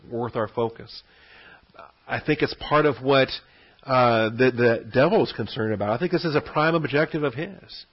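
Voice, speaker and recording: Husky-voiced man teaching a Bible study. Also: medium pitch. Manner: conversational, repeats words, frequent "okay?" check-ins. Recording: dull lo-fi recording.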